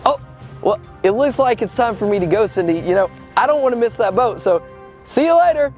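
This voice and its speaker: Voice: medium pitch, animated, brisk, darkish tone, faint music behind, close to an everyday voice. An actor voicing a laid-back, trusting male lion in a kids' church comedy skit, talking in an easygoing, slightly goofy drawl.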